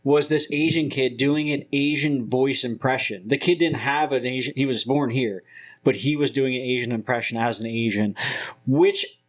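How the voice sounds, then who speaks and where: Relaxed guy cohosting a podcast, medium voice, chuckles a lot. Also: medium pitch, normal speed. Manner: laid-back, laughs between lines. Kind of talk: casual chat.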